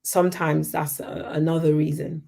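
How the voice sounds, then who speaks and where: Woman podcast host, very low pitch, gravelly, casual and supportive. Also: level tone, moderate pace, mellow. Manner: supportive listener, frequent affirmations.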